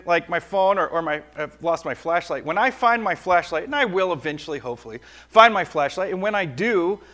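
A middle-aged man giving a lively, conversational children's sermon, often asking the kids "right?". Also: sits high.

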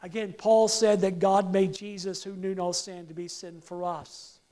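A woman's voice: on the low side, flat delivery, measured pace, mellow. A woman preaching a sermon to a congregation, emphatic and repeating key phrases for them to say back. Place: church service with projected slides.

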